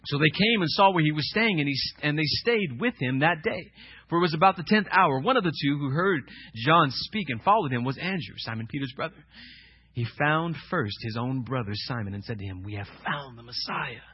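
A man preaching a sermon as pastor, swinging between loud, emphatic questions and hushed scripture reading. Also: fairly high pitch, lively intonation, fairly quick, breathy edge, lo-fi sound.

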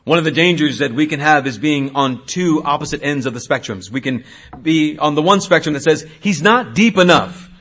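A man in his thirties, a pastor preaching a sermon, swinging between hushed asides and loud exhortation. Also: on the high side, brisk.

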